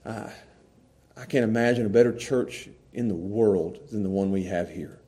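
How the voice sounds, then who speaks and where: A man preaching a folksy sermon to a small church congregation, swinging from hushed earnest passages to loud, excited storytelling. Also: fairly low pitch, moderate pace. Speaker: pastor. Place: small church, evening service.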